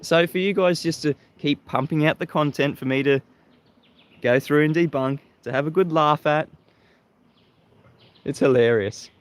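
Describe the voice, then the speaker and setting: A man's voice: on the high side, moderate pace, pauses often. An Australian man hosting a livestream, greeting viewers and mocking his critics with frequent laughter. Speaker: livestream host. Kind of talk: live-stream monologue greeting viewers.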